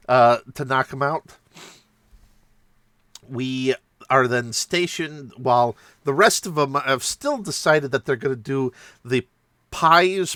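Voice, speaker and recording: Brief: a man recapping a game night in a loose, self-mocking way, bright timbre, dead-dry mic. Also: medium pitch, no room sound. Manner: rambling, self-mocking, laughs while telling. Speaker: tabletop game player recounting a session. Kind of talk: casual storytelling.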